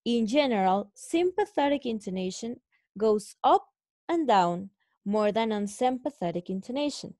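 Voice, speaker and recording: A woman English teacher with a Mexican Spanish accent, explaining a lesson slowly to her students and calling them guys. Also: fairly high pitch, lively intonation, darkish tone, no room sound, clean studio sound. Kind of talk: recorded online lesson.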